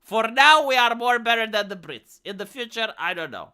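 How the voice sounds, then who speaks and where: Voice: mid-range voice, animated, a little fast, sharp tone, clear, resonant tone. A live streamer from Romania with a Romanian accent, ranting bluntly and with a lot of swearing in a casual livestream chat.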